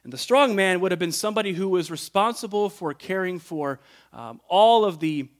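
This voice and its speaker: A man preaching a sermon as pastor, earnest and reflective, often letting his phrases trail off softly. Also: high-pitched, expressive, moderate pace. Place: church sanctuary.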